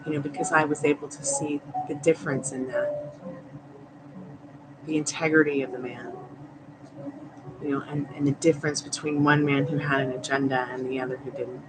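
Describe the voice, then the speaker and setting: A woman's voice: low voice, level tone, moderate pace, pauses often, over music, rough recording. A woman doing a live tarot reading, chatting and rambling with viewers, laughing often. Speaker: tarot reader. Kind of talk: live-stream chat with viewers.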